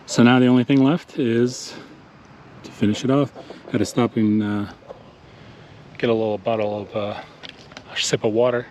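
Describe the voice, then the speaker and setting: Man, casual outdoor vlog, chatty storyteller, mid pitch, faint traffic noise behind. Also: level tone, normal speed, pauses often, darkish tone. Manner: chatty, storytelling, addresses viewers as ninjas. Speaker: lawn care vlogger. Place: outdoors at a yard.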